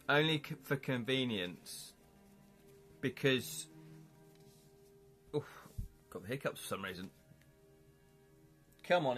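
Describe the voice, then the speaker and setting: Reading viewer comments on his livestream, the English host chats and rambles, laughing frequently. He speaks in a mid-range voice with a fairly bright tone.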